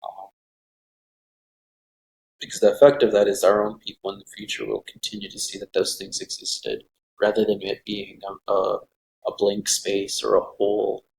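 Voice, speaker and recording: Flat-voiced man speaking thoughtfully. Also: lowish voice, normal speed, gravelly, low-quality recording. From Mexico and Minnesota. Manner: thoughtful, hesitant, with fillers. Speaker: sculptor and guest. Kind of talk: casual interview conversation.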